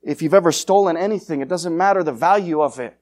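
Fiery high-voiced male preacher. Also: fast. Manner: fiery, confrontational, swings from loud to hushed. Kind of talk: evangelistic sermon.

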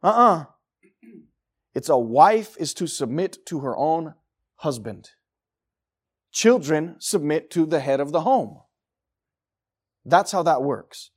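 High-voiced emphatic male preacher. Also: expressive, takes it slowly, long pauses, breathy edge. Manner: emphatic preaching, swinging from loud declarations to low, quiet asides. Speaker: pastor. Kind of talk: sermon. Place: church.

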